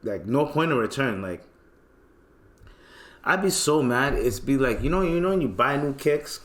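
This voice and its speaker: A young man with a Toronto accent, hosting a podcast, ranting in a casual, profane storytelling style with sudden loud outbursts. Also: medium pitch, expressive, normal speed. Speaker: podcast host.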